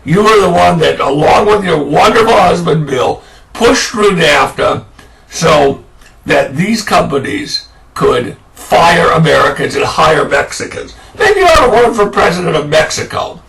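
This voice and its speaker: A man's voice: on the high side, sing-song, measured pace, vocal fry, fairly bright tone, recorded from a distance, rough recording. A man delivering an angry, sarcastic political rant as a commentator. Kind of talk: ranting political monologue.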